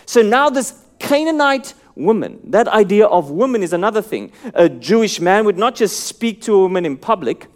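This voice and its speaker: A man preaching a sermon. He moves between calm Bible teaching and rising, pleading appeals, then drops almost to a hush. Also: high-pitched, moderate pace, hardly any pauses. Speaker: pastor.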